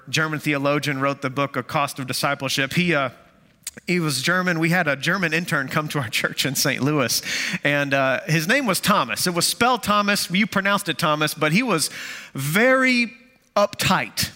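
Man, pastor, sermon, casual storytelling, lots of "uh", self-mocking jokes, bright voice, reverberant church hall. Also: fairly high pitch, a little fast. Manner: conversational, self-deprecating humor, many fillers.

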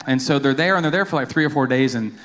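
A man's voice: medium pitch, quick pace, fairly bright tone. A man, a church accountant, giving a casual, self-deprecating lay sermon full of fillers and asides. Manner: informal and self-deprecating, with many fillers and restarts. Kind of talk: lay sermon with jokes and stories. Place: church sanctuary. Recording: long reverb of a church hall.

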